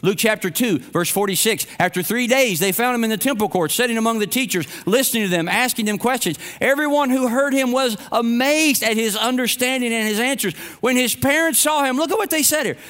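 A man's voice: extremely high pitch, a little fast, hardly any pauses, a bit bright. A middle-aged male pastor giving a sermon and telling stories in a conversational way. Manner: storytelling, conversational preaching.

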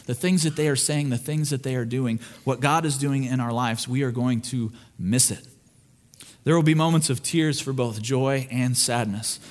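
A man preaching a sermon in church, telling family stories with lively acted voices and praying in an earnest tone. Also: medium pitch. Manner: animated storyteller who acts out his family's voices; turns hushed and earnest in prayer. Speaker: pastor. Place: church service.

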